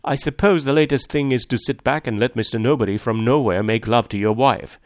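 Reading a story aloud, a man voices an arrogant, indignant rich husband in a raised, sneering tone, pitched above his own natural voice yet still close to everyday speech. The medium-pitched delivery is animated, a little fast and scornful, recorded in studio quality with no echo.

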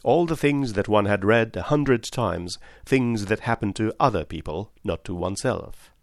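A man narrates a story in a measured, deliberate reading. His voice is low. The recording is dry and close, with no room sound. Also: no room sound. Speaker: audiobook narrator. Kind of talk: scripted narration.

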